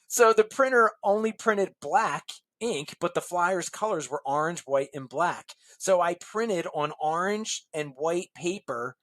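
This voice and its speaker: Animated man telling a story, dry. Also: sits high, unhurried, hardly any pauses, dry recording. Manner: animated, acts out quoted voices; chuckles through the story. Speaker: guest. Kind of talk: casual storytelling anecdote.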